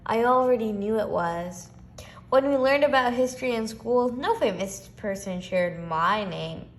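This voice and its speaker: A female reader reading a children's picture book aloud with expressive, varied delivery. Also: on the high side, unhurried.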